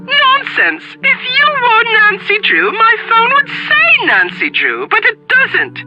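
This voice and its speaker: A woman's voice: very high-pitched, huge pitch swings, takes it slowly, exaggerated voice. An actress voicing a pompous, fussy older society chairwoman in a video game, haughty and theatrical with old-fashioned phrasing. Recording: dull lo-fi game audio. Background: faint game music.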